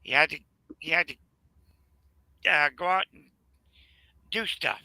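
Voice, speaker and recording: Southern guy rambling on about family stuff, gravelly, kinda high, dry sound. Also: bright, forceful tone, no room sound, poor audio. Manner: rambling, halting, many fillers. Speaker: channel host. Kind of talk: casual storytelling chat.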